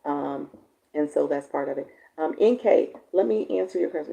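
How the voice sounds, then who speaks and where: A woman live-stream coach with a raspy voice, chatting casually with viewers and reading their comments. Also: low voice, normal speed, rough recording. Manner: chatty, warm-toned, laughs often, answers viewers by name.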